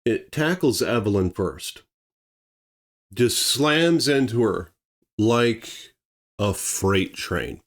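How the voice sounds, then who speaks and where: A man's voice: on the low side, animated, drawn-out words, pauses often. Emphatic male storyteller. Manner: emphatic, blunt, conversational. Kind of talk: dramatic true-story narration.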